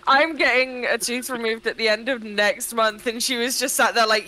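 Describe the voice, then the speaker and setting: A woman's voice: fairly high pitch, fairly even intonation, normal speed, bright, forceful tone, rough recording. A woman co-streaming, chatting casually, thanking followers and laughing often. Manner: giggly, frequent laughter.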